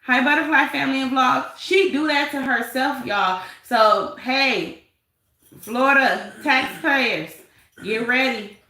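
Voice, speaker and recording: A woman's voice: high voice, slow, sharp tone, reverberant, poor audio. A woman hosting a live stream, reading chat and gossiping in a sassy, laughing way. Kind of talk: casual live chat commentary.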